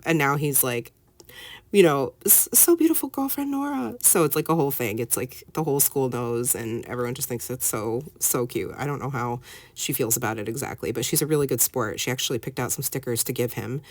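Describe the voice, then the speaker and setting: A woman's voice: very deep voice, steady tone, a little fast, no room sound. A woman in her thirties talking casually over her scrapbooking, full of ums and likes. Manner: chatty, many fillers like "um" and "like". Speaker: scrapbooking vlogger. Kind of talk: casual voice-over while crafting.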